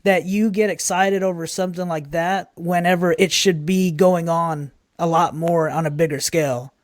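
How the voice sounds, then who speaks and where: A man's voice: fairly high pitch, fairly even intonation, normal speed, dry recording, clean studio sound. A man co-hosting a podcast, speaking in an earnest, agreeable way. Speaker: podcast co-host. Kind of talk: casual chat.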